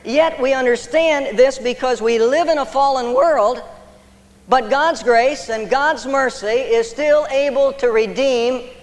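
A man preaching a sermon as pastor, emphatic, with pauses for effect. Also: very high-pitched, long reverb tail.

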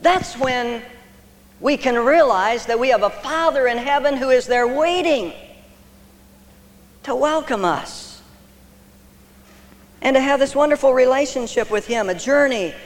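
A man preaching a sermon as pastor, emphatic, with pauses for effect. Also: very high-pitched, long reverb tail.

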